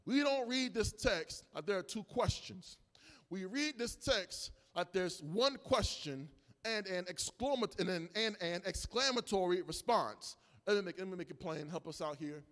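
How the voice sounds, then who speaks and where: A man preaching a sermon, building from calm teaching into shouted, sung preaching. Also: high-pitched, moderate pace, in a large hall. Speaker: pastor. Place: church sanctuary.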